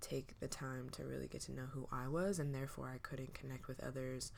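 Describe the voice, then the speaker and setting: A young woman hosts her own podcast, talking alone in a casual monologue; she sounds sleepy, as if she just woke up, and is hesitant and reflective with many fillers. Her voice is low and a little manly, darkish in tone with vocal fry and little pitch movement, at a slightly fast pace. There's slight background noise.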